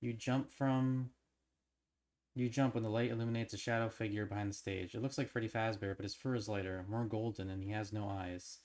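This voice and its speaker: A man's voice: lowish voice, a little fast. A man streaming as he reads an interactive horror novel aloud, now and then tripping over words and breaking off to theorize eagerly. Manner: stumbles and restarts while reading, then breaks into excited theorizing. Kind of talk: reading a novel aloud on a livestream.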